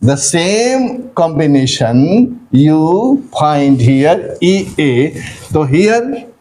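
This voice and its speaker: Man, high voice, very slow, spelling letters out, drilling pronunciation. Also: big pitch swings, mellow, rough recording. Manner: slow, drawn-out spelling and repeating of sounds. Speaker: English teacher. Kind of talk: pronunciation lesson.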